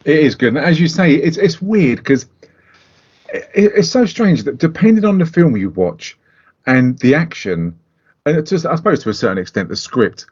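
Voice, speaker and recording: A man's voice: a little high, sing-song, normal speed, darkish tone, husky. A middle-aged man co-hosting a casual film review podcast, blunt and sweary, often laughing. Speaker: podcast co-host. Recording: dull lo-fi podcast audio.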